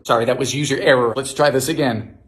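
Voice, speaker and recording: A Bermudian man in his twenties giving comedic vlog commentary in a theatrical, sarcastic way, breaking into shouted exclamations. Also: mid-range voice, fast, a little hiss or hum. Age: 20s. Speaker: cooking video creator.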